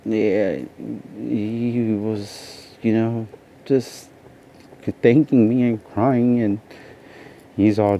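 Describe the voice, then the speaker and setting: A tired man with a fairly low voice tells his story in a loose, rambling way, leaning on "you know" again and again. The recording is dull and lo-fi, with faint noise behind him. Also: slow pace. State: tired from lack of sleep. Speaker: vlogger. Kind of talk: casual personal storytelling.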